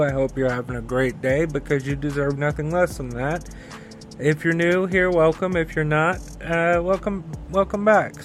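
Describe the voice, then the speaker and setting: Male podcast host, slightly high voice, loose upbeat chatter with filler words. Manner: upbeat and chatty, with frequent fillers and some cursing. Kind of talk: casual solo podcast talk.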